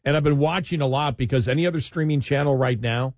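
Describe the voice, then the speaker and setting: A man's voice: mid-range voice, quick pace, darkish tone, no echo, clean studio sound. A man chatting casually about politics, rambling with restarts and sarcastic asides.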